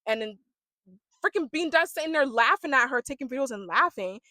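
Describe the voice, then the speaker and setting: A woman ranting casually about a reality show, acting out the people she quotes and swinging between loud bursts and hushed asides. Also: high voice, expressive, brisk, dry recording. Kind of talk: casual rant vlog.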